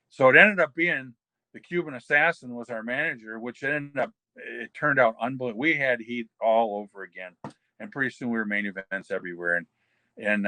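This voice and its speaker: An older man spins long, rambling stories as an interview guest, acting out what others said without changing his voice. His voice is bright and forceful, and it sits at a middle pitch. The recording is dry and close, with no room sound. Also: dry recording, rough recording. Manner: rambling anecdotes, quoting others in his own voice. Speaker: interview guest, former pro wrestler. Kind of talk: casual storytelling shoot interview.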